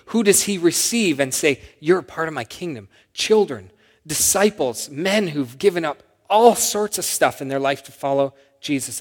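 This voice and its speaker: A man preaching a sermon as pastor, animated, rising to loud acted-out shouts when quoting. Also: mid-range voice, big-room sound. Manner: animated, acts out shouted quotes with sudden loud rises.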